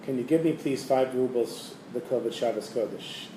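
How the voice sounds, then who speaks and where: A man's voice: mid-range voice, moderate pace, roomy sound, recorded from a distance, noisy background, lightly acted. A man voicing a poor, desperate father begging for money. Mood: pleading. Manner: pleading.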